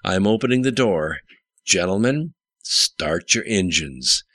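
A man reading an audiobook, voicing a tense, jittery young male hacker with a squeaky, anxious edge. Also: expressive, slow pace, fairly bright tone, dry recording, heavily acted. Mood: urgent. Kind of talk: audiobook character voice.

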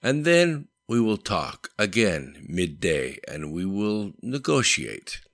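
A man's voice: fairly low pitch, very animated, slow, a bit bright, voice pushed up, exaggerated voice. A man voicing a patient, tactful male hospital doctor who speaks politely and reassuringly.

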